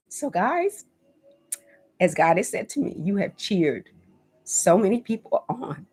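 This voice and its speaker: Husky and medium-pitched, this woman's voice swings widely in pitch as she speaks slowly with frequent pauses. In her fifties, she runs a home decor channel and talks casually on a livestream, warmly and emotionally reading comments, naming viewers to thank them and sharing faith-filled encouragement.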